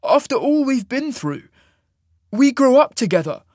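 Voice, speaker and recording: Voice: sits high, very animated, unhurried, no room sound, clean studio sound, pitched above the performer's own voice, full character voice. A narrator voicing a heartbroken young man who speaks in a strangled voice. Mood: anguished. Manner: strangled, pleading then shouting.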